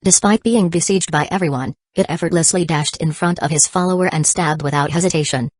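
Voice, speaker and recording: A woman narrating a fantasy novel audiobook in an even, unhurried reading. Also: low-pitched, no echo. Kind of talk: scripted narration.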